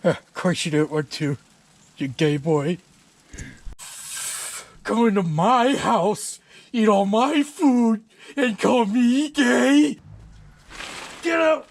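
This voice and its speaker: A man's voice: fairly high pitch, fairly even intonation, a little slow. A man voicing a blustering, insulting male moonshiner who rants about conspiracies, with a put-on Scottish accent. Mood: indignant. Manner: insulting, loud and shouting.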